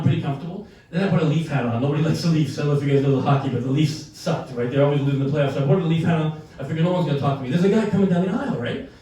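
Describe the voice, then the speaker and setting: A man's voice: fairly high pitch, darkish tone. An older man doing brash, profane stand-up storytelling, laughing through his lines. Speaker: stand-up comedian. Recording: echoey room from far off.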